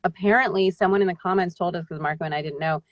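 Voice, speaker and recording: A woman with a somewhat low voice chats about her voice-acting work over a video call. She rambles and leans on filler words. The sound is dry and close. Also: fairly even intonation, fast talker, dry recording, lo-fi sound. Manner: rambling, chatty, many fillers. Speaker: voice actor guest. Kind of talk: casual live-stream chat.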